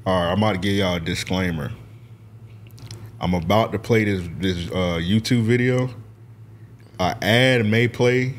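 A man co-hosting a podcast, talking in animated, profane, teasing casual banter. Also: low voice, a little slow, long pauses, a little hiss or hum. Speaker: podcast co-host.

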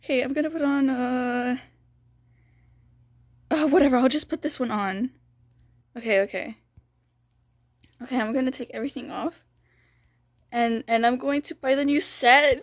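A young woman with a high voice talks through a game, excitable and squealing, often drawing her words out slowly. The sound is dry and close to the mic, with no room around it. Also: no echo. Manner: excitable, squealing, frequent "dude" and "oh my goodness". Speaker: gaming YouTuber. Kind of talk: excited gameplay commentary.

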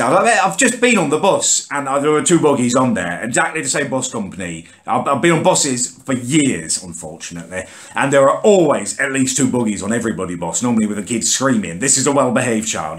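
A man's voice: mid-range voice, brisk. A young man, ranting in an exasperated, sweary way as the host of a comic vlog. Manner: exasperated, sweary, rants with lively rises and sudden drops. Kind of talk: comic character rant to camera.

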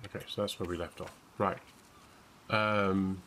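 A man's voice: sits low, level tone, unhurried, pushed and bright, a little hiss or hum, rough recording. A British man chatting to himself while playing a video game and reading in-game notes aloud. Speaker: gamer streamer. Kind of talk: let's play commentary, reading journal aloud.

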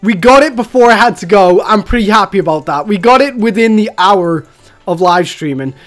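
A man giving chatty, excitable live commentary while he plays a video game as a streamer. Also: sits high, brisk, soft background music. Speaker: gaming streamer.

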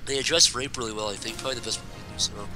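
A man's voice: mid-range voice, very fast, music in the background. A man chatting casually on a game stream, crude and joking, often jumping into goofy voices. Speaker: streamer, co-host.

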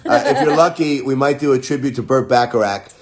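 A man's voice: mid-range voice, fairly quick. A man, a voice actor, chatting playfully and joking with viewers on a casual livestream from home. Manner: playful, jokey, greets viewers. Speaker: voice actor at a live autograph stream. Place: indoors at home.

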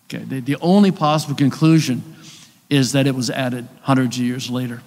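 Man, conference lecturer, conversational, rhetorical questions, mid pitch, long hall reverb. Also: steady tone, fairly quick, darkish tone. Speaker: conference speaker on biblical texts. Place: church hall.

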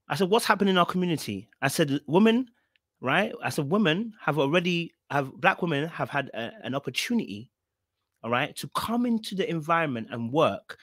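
A podcast host reacts to a clip on a live stream, speaking straight to his chat and repeating his points over and over. He mocks others in high, exaggerated voices. His tone is fairly bright, with clean studio sound and no room echo.

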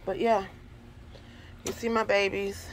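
A young woman chatting casually to her viewers in a home vlog, animated and talking straight to them. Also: medium pitch, takes it slowly, a little hiss or hum. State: out of breath in places. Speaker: vlogger. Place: home, indoors.

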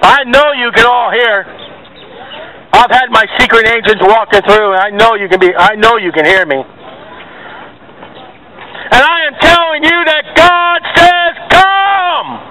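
A man preaching loudly and repetitively to passers-by at an outdoor market, straining his voice. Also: very high-pitched, measured pace, pauses often, a crowd in the background, poor audio. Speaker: street preacher. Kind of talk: open-air street sermon. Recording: outdoor street noise with traffic.

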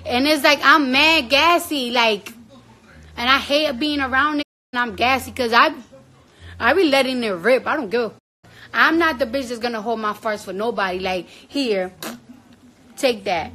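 High, bright-voiced New woman. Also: moderate pace, poor audio. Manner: loud, blunt and profane; coos at her baby. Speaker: livestream host. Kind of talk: casual livestream chat.

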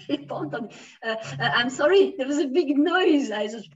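A Swiss woman with a fairly high voice teaches a beginner French lesson. She switches between English and French, drops in many fillers and praises her students. Her voice sounds a little distant and dull, as if picked up from across a room. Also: animated, moderate pace. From Switzerland. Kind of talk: online language class.

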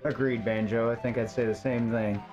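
A man's voice: mid-range voice, steady tone, moderate pace, a little mellow, muffled recording, soft background music. A man streaming a video game, chatting casually and muttering to himself and his pets as he plays. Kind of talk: casual gameplay commentary.

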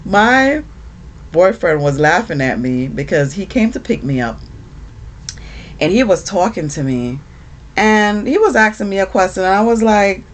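A woman vlogging casually to camera, chatty and animated, with lots of fillers. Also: medium pitch, measured pace. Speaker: beauty vlogger.

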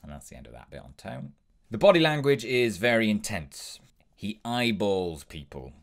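A man's voice: on the low side, sing-song, moderate pace, gravelly. A young man hosting an impressions tutorial, explaining tips in an upbeat, step-by-step way. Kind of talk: instructional tutorial.

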